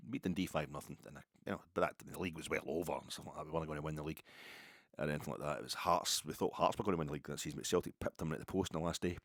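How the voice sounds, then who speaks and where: A man's voice: very deep voice, rapid-fire, a bit bright, dry recording, clean studio sound. A middle-aged Scottish man telling a rambling, self-mocking story on a podcast. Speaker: podcast host. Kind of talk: casual storytelling.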